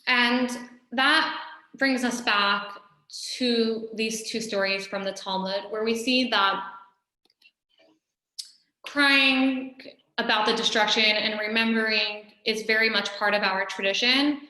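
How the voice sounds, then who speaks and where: Bright-voiced woman teaching with echo. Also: a little high, takes it slowly. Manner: conversational, storytelling, frequent "you know". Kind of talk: recorded Torah lesson. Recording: echoey room.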